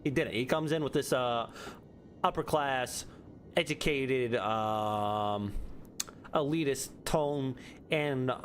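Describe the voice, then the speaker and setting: A man's voice: mid-range voice, slow pace, a little hiss or hum. A young man streaming a video game, joking and talking back to the characters. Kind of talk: casual gameplay commentary.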